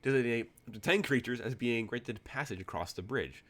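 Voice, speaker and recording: A man's voice: medium pitch, normal speed, a bit bright. A man narrating as game master of a tabletop game, loose and chatty with frequent laughs.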